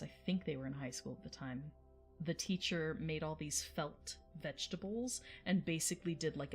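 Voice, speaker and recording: Low-voiced chatty woman. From United States. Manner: chatty, tangential, laughs often. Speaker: livestream host. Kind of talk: casual livestream chat answering viewers.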